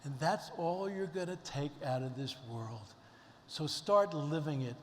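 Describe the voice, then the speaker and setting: A man's voice: fairly high pitch, lively intonation, measured pace, a little hiss or hum. Folksy older man in a reverberant hall. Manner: folksy, storytelling, heartfelt. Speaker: keynote speaker. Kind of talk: inspirational luncheon speech. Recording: long reverb in a large hall.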